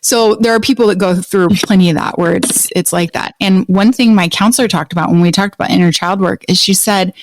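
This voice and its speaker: A woman's voice: mid-range voice, brisk, hardly any pauses, dry recording. A woman hosting a podcast interview, speaking earnestly and confidingly in casual chat. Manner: earnest, confiding, talks in long runs. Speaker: podcast host, coach.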